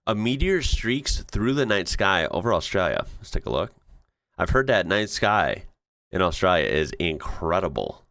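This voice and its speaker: Low-voiced excitable man reacting to clips. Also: no echo, clean studio sound. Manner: excitable, laughs often, slangy. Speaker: reaction video host. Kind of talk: casual reaction commentary.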